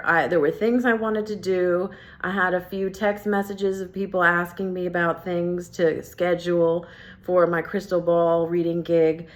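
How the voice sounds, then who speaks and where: A woman recounting a story straight to camera in a casual vlog. Her voice sits a little low, and she jumps into quoted dialogue with lively, animated shifts. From New Jersey. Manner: animated, acts out both sides of conversations. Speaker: vlogger.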